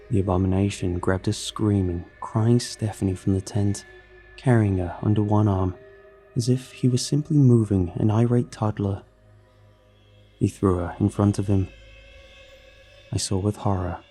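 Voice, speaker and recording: A man reading a horror story aloud in a measured, steady narration. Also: lowish voice.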